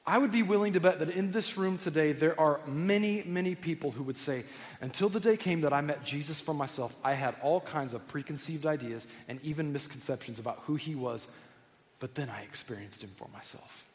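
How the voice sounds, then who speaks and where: A man's voice: on the high side, fairly quick. A man preaching a sermon to his church congregation, telling stories in an earnest, conversational way. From United States. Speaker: pastor. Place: church sanctuary. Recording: long hall reverb.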